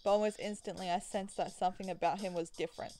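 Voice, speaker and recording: A woman's voice: mid-range voice, steady tone, fast talker, mellow, faint music behind. A woman playing through a visual novel, reading the story aloud and breaking off into chatty, rambling asides with giggles. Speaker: let's play gamer.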